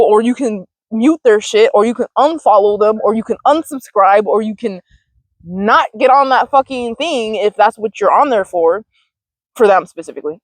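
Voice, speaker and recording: A woman's voice: a little high, dry recording. A woman hosting a mindfulness vlog outdoors, chatting casually, laughing often and swearing freely. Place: outdoors, sitting on dirt.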